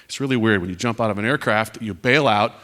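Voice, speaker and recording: A man's voice: fairly low pitch, quick pace, fairly bright tone. A man in his forties, a retiring Air Force officer, speaking earnestly to students at a panel, telling stories over slides with wry asides. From United States.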